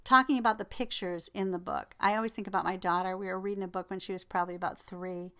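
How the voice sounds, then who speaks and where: A woman's voice: medium pitch, fast talker, clean tone. A middle-aged woman lecturing casually, filling her talk with ums and personal stories. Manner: relaxed, filler-heavy explanation with personal anecdotes. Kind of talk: recorded lecture.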